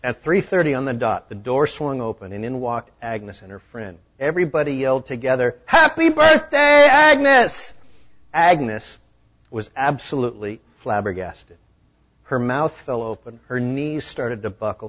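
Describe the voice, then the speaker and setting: A man preaching a sermon, telling a story with animated voices. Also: mid-range voice, husky. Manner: animated, acting out the scenes. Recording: dull lo-fi recording.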